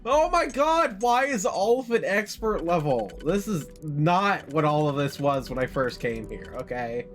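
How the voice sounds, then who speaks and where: Animated, swearing streamer over game music. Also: medium pitch, measured pace, hardly any pauses. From California. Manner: profane, animated, slips into a joking southern drawl. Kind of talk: live gameplay commentary. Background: game music and sound effects.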